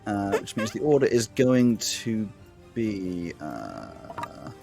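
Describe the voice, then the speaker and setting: A man narrating as game master of a tabletop game, describing action in quick, laughing bursts. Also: lowish voice, wildly swooping pitch, creaky, mellow. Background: faint fight music.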